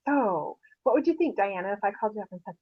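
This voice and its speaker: A woman leading a motivational sales meeting, upbeat and animated, asking the room questions and laughing often. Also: mid-range voice, fast talker, slightly rough. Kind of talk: motivational sales talk to a group. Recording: tinny phone-like sound.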